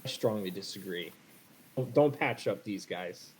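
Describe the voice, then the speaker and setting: A man's voice: low voice, expressive, unhurried, breathy edge, poor audio. A man playing a tabletop role-playing game, objecting bluntly to the group's choices. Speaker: player.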